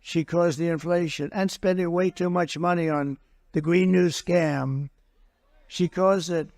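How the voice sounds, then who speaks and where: A man speaking as a political candidate at a campaign rally, blunt and mocking, repeating his points and boasting in asides to the crowd. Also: high voice.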